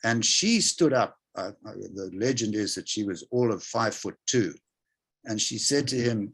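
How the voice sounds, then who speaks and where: A man's voice: on the low side, expressive, moderate pace, slightly rough. An older man from South Africa, a guest in an interview, telling a long anecdote in a reflective, conversational way with frequent restarts. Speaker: interview guest, retail executive.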